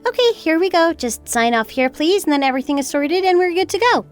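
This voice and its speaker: A woman's voice: high-pitched, expressive, fast talker, soft background music, pitched above the performer's own voice. A woman playing a coolly scheming young wife. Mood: sweetly businesslike. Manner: sweetly polite yet cutting. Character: cool, calculating young wife getting even. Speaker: daughter-in-law.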